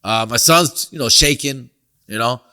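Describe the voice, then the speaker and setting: A middle-aged comedian on his own podcast tells a story in loose slang, weaving in Spanish and repeating "fool" and "dog". His mid-range voice is pushed and bright yet smooth, at a moderate pace.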